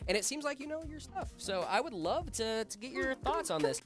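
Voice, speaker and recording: Lively young man, voice a bit rough. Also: extremely high pitch, a little fast, music in the background. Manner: chatty, rambling with fillers and asides to chat. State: voice slightly off after being sick. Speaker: stream host. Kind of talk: casual livestream tech chat.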